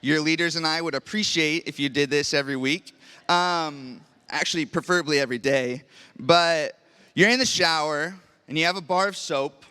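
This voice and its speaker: A man's voice: fairly high pitch, normal speed, bright, forceful tone, clear, resonant tone, big-room sound. A young male pastor preaching a sermon, telling a personal story in an earnest way that sometimes turns emotional. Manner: earnest, grows emotional, acts out prayers. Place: large church hall.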